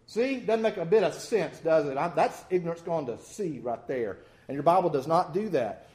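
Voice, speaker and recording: Man, preacher, sermon, folksy, animated, high-pitched. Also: normal speed, few pauses. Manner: folksy, animated, self-deprecating humor.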